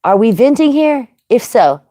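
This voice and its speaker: A woman's voice: on the high side, big pitch swings, moderate pace, dark tone, no echo, studio quality. A woman hosting a casual livestream, chatty and greeting viewers by name. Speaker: livestream host.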